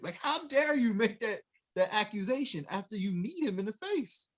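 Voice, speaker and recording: A man with a fairly high voice that swings up and down as he gets fired up, talking as an MMA coach guesting on a podcast. He argues with heat and emphasis and breaks into laughter. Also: sing-song, moderate pace. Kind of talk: casual podcast chat.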